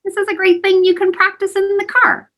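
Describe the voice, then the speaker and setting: A woman teaching children mindfulness breathing over a video call, in an animated, sing-song way. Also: very high-pitched, brisk. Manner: animated, sing-song, calls kids sweethearts. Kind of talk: teaching kids breathing exercises. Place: home, virtual session.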